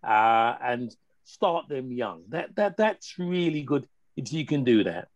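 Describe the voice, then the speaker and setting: A man, a family worker, explaining parenting advice in a measured way with hesitations. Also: medium pitch, animated, no echo, muffled recording. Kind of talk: casual panel chat, advice.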